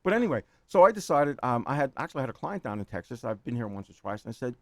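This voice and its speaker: A man's voice: medium pitch, very animated, quick pace, no room sound. A man in his sixties from New York City with a New York accent, rambling as a guest in a casual chat, laughing often and repeating words.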